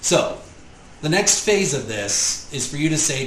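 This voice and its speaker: A man running a tabletop game as game master, narrating in a relaxed, loose way with frequent fillers. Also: a little high, a little slow, echoey room, slight background noise, rough recording.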